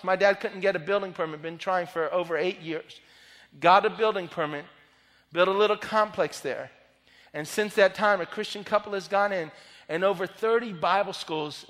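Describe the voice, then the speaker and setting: A man with a very high, bright voice preaches a sermon, telling a personal story and then pressing his listeners fervently. His words trail into long reverb, like a big hall. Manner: storytelling, rising to fervent exhortation.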